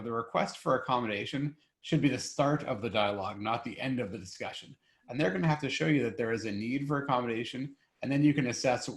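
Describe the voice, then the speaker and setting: Employment lawyer in an echoey room. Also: male voice, medium pitch. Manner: clear, structured, emphatic explanations. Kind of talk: webinar Q&A explaining law.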